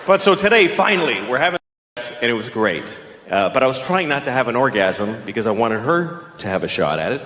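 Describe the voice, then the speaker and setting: Ranting stand-up comedian, lively pitch. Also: male voice, fairly quick, echoey room, in a large hall. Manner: ranting, profane, jumps into shrill yelling bits. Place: comedy club stage. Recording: live set with clear audience noise.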